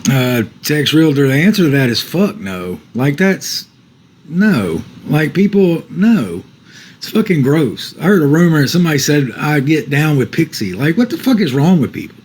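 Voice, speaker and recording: A man's voice: on the high side, very animated, moderate pace, darkish tone, breathy edge, poor audio. A man on a casual livestream, reading out viewer comments and answering them defensively, with some swearing.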